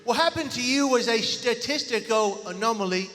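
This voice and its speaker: A man's voice: extremely high pitch, animated, normal speed, sharp tone, in a large hall, heavily acted. A man putting on a British accent as a serious, squinting friend. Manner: serious, stiff lecturing tone.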